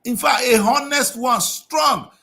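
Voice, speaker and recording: A man's voice: very high voice, slow, sharp tone. A man giving impassioned political commentary on a TV review show, scolding and firing off rhetorical questions.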